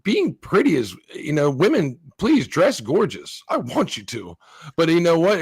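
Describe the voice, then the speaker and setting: A man's voice: a little high, wildly swooping pitch, normal speed, breathy edge, no echo, clean studio sound. A man co-hosting a casual podcast, giving opinions in a rambling way with restarts. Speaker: podcast co-host. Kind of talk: casual chat.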